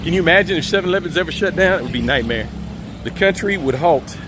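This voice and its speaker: A man hosting a casual walk-and-talk live stream outdoors, relaxed and chatty, reading the chat aloud and laughing often. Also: a little high, fast talker, background noise. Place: outdoors on city streets, walking.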